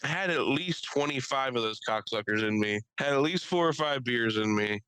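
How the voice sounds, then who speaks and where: Bright-voiced rambling man telling stories. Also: mid-range voice, lively intonation, normal speed, smooth, no room sound, poor audio. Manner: rambling, profane, laughs often. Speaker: podcast co-host. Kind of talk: casual storytelling chat.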